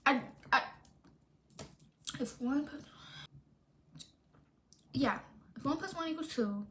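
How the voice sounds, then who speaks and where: A woman's voice: high voice, takes it slowly, a little hiss or hum. A young woman, telling a storytime vlog casually and animatedly, full of fillers and quoted dialogue. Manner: chatty, animated, full of "like" fillers and self-interruptions; quotes friends in acted-out dialogue. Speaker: storytime vlogger.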